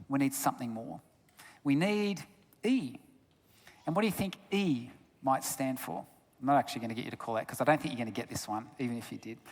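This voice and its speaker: A man giving a sermon as a guest speaker, telling stories with big swings between loud bursts and hushed asides. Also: a little high. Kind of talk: storytelling sermon. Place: church sanctuary. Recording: long church reverb.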